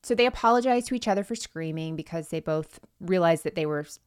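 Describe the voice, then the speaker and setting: A woman's voice: on the low side, lively intonation, fast talker, smooth, no echo, studio quality. A woman co-hosting a podcast, chatting casually as she recaps from her notes and acts out quotes. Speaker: podcast co-host.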